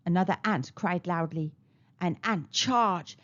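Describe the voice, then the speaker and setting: A woman reading a children's storybook aloud in an animated, sing-song way. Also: on the low side, measured pace. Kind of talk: read-aloud storybook narration. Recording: slightly dull lo-fi recording.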